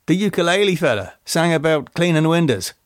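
A man's voice: fairly high pitch, lively intonation, fairly quick, no echo, studio quality, voice pushed up, natural voice. A man voicing a German woman singer who reminisces about her past in a wistful, storytelling way. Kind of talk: audiobook character voice.

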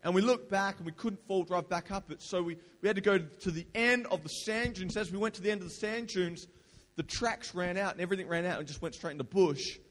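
Young male youth pastor, high voice, casual storyteller, crowd prompts, hall echo. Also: brisk, a bit bright. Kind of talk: lively youth sermon. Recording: long hall reverb.

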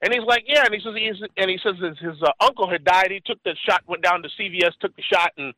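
Forties guy rambling thru a story, acts out quotes, bright tone, dry sound. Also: high voice, quick pace, no echo, low-quality recording. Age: 40s. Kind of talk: casual chat.

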